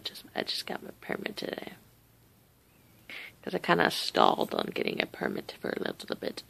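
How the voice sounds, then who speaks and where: A woman's voice: mid-range voice, creaky, fairly bright tone, no echo. A teenage girl vlogging casually from her bed at home, chatty and rambling, with casual swearing. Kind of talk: casual chat.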